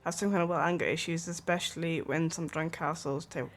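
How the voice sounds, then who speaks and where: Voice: medium pitch, steady tone, fast, faint music behind. A streamer chatting casually and rambling, with lots of filler words and small laughs.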